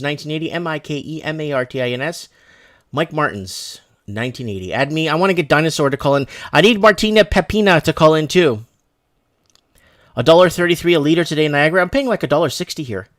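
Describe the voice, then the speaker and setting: Male livestream host from Canada, slightly higher voice, rambling and off the cuff. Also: a bit bright. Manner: rambling, reads viewer emails aloud, many restarts. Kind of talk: casual livestream commentary.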